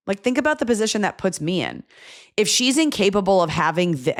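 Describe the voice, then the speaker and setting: A woman's voice: mid-range voice, quick pace. A woman hosting an advice podcast, chatting casually and bluntly, acting out the people she talks about. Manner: blunt, animated, acts out quoted voices. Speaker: podcast host giving advice.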